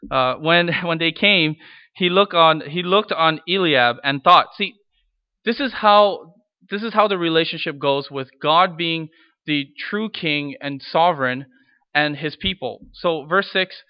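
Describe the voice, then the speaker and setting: A man's voice: on the high side, unhurried, muffled recording. A man preaching a sermon in a conversational way, retelling scripture scenes in casual voices. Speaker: pastor.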